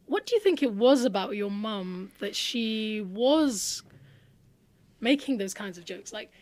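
A woman hosting an interview, engaged and quick to laugh as she asks questions. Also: medium pitch, lively intonation, darkish tone. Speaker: host. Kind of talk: casual interview chat.

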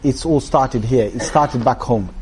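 A man giving an Islamic talk to a gathering, speaking casually and with humor, often breaking into lively impressions. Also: mid-range voice, a little slow, a little hiss or hum. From Britain. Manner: animated, mimics shouting preachers with humor; melodic chanted recitation. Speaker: preacher. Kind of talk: Islamic talk with Quran recitation.

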